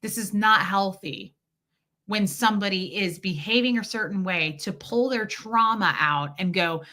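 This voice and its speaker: Chatting with viewers on a relaxed livestream, the host, a woman, shares a candid personal story and quotes others in their own voices. She talks unhurriedly in a mid-range, sharp-toned voice.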